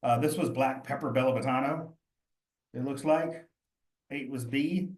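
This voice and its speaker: A man's voice: mid-range voice, a little slow, a little mellow, roomy sound. A man leading a cheese exam study session, reasoning through quiz answers aloud in a casual, encouraging way.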